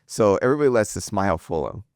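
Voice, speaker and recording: A man's voice: fairly low pitch, lively intonation, fast talker, dry recording, clean studio sound. A man co-hosting a podcast in casual chat, earnest and keen, often checking in with "right?". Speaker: podcast co-host.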